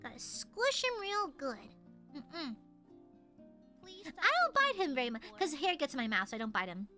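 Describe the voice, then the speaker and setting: A woman's voice: high-pitched, very animated, moderate pace, sharp tone, faint music behind. A woman streamer chatting casually with viewers, giggly and playful with lots of fillers.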